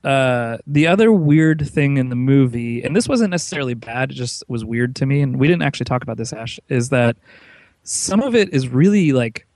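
A man co-hosting a casual podcast chat, rambling and animated, with lots of restarts. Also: medium pitch, moderate pace, no room sound. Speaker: podcast co-host.

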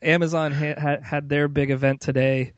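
A man's voice: fairly high pitch, flat delivery, moderate pace, no echo, highs cut off. A man hosting a casual tech podcast, rambling and opinionated, with plenty of fillers. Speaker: podcast host.

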